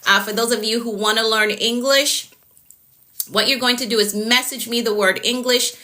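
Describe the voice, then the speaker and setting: A woman's voice: a little high, steady tone, moderate pace, sharp tone. A woman from Jamaica with a Jamaican accent, a productivity coach chatting on a live stream, repeating her points and answering viewers' comments as they come in.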